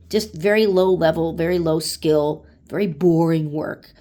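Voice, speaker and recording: A woman's voice: sits low, unhurried, warm tone. A woman in her late forties venting bluntly in a casual monologue, swearing freely and acting out angry customers. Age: 40s. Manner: blunt and profane, acts out customers in raised voice. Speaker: vlogger.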